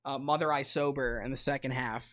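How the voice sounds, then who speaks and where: A man co-hosting a casual music podcast, his speech loose and rambling with frequent fillers and restarts. His voice sits at an ordinary middle pitch. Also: steady tone, fairly quick, a bit bright. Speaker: podcast co-host. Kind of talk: casual chat about music.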